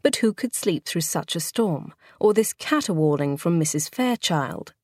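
Low-voiced woman narrating an audiobook. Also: no echo, clean studio sound. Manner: measured, expressive storytelling. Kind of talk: scripted narration.

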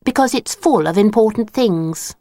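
A woman's voice: medium pitch, lively intonation, moderate pace, warm tone, no room sound, clean studio sound, voice pushed up, lightly acted. A woman voicing a prim, matter-of-fact girl in a storybook reading. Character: prim sensible young girl.

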